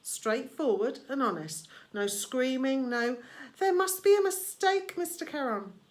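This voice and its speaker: Female reader playing a sweetly cold, menacing British male ferryman, slow and silky. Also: high-pitched, expressive, voice pushed up. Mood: silky menace.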